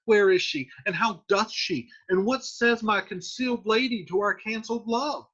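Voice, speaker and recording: A man's voice: high-pitched, moderate pace, bright, forceful tone, pitched above the performer's own voice. A man voicing a distraught lovesick young man asking question after question. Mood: anguished. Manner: pleading rush of questions. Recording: dull lo-fi recording.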